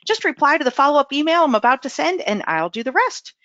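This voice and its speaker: A woman's voice: high-pitched, very animated, quick pace, a bit bright, dry recording. A woman hosting a webinar who sounds upbeat and enthusiastic as she wraps up the session. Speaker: webinar host. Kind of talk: webinar wrap-up announcement. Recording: dull lo-fi webinar audio, dry.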